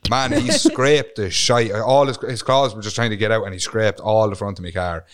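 A young Irish man telling a story in casual podcast chat, swearing freely and animated. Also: lowish voice, moderate pace, background noise. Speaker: podcast co-host.

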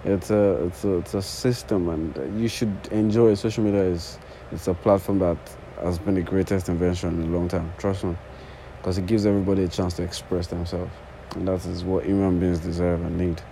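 This podcast host, a man in his early twenties, speaks English with a non-native accent in a low, mellow voice, keeping his intonation fairly even and his pace a little fast. Sitting on the floor indoors, he rambles through an unscripted solo monologue, swearing a lot and repeating false starts. The audio is poor, with a little hiss or hum.

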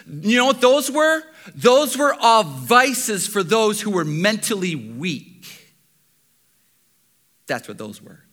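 Male pastor, high bright voice, lively sermon delivery that leans on rhetorical questions. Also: takes it slowly. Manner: animated preaching with rhetorical questions and repetition.

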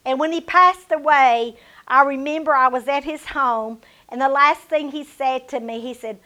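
A middle-aged woman preaching a sermon, telling personal stories with emphatic declarations and hushed asides. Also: high-pitched, moderate pace. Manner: personal storytelling.

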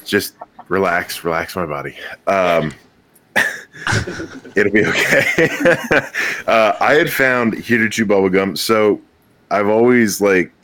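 A man's voice: fairly low pitch, animated, takes it slowly, pauses often, fairly bright tone. A young man guest on a podcast, telling a rambling story with casual swearing and frequent laughs.

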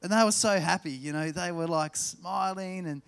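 A man with an Australian accent preaching a sermon, telling stories and slowing down to stress key words. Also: high-pitched, vocal fry, a bit bright, clear, resonant tone. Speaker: pastor.

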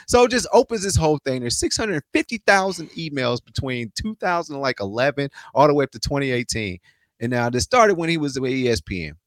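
A man's voice: mid-range voice, no room sound. A man co-hosting a casual sports talk podcast, speaking loosely in slang with frequent restarts. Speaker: podcast co-host.

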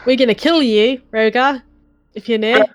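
A woman's voice: a little high, steady tone, normal speed, dry recording, faint music behind. A woman playing a tabletop game, playful and often laughing. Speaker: player. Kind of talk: casual chat during a tabletop game.

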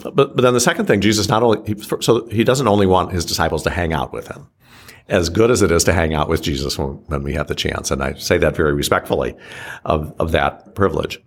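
A man whose voice sits low takes the role of an archbishop, reflecting and teaching in conversation. His delivery is slow and deliberate, broken by frequent pauses and restarted sentences.

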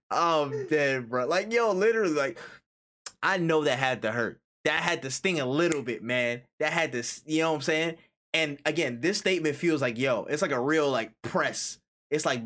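A man co-hosting a casual gaming podcast, animated and profane, acting out imagined quotes. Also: fairly high pitch, moderate pace. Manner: animated, acts out quotes, swears freely. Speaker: podcast co-host.

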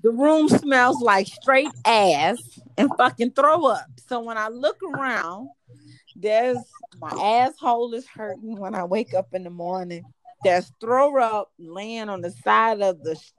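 A young woman telling a story in a brash, profane, animated way. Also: mid-range voice, unhurried, dry recording, low-quality recording. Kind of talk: casual storytelling.

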